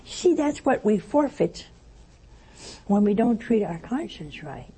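A woman giving a spiritual teaching talk, telling stories in an animated way with quoted dialogue. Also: medium pitch, takes it slowly, husky. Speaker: religious speaker.

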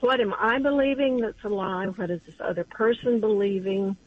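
A woman in her seventies calling in to a radio show, speaking slowly and reflectively. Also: mid-range voice, breathy edge. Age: 70s. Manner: slow and reflective. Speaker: caller. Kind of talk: phone call-in. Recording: dull phone line with faint noise.

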